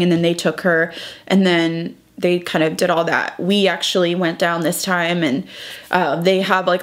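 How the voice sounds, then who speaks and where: A young woman vlogger, crying as she talks through a painful personal update. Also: mid-range voice. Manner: tearful, breaking up while retelling. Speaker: beauty vlogger. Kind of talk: emotional personal vlog.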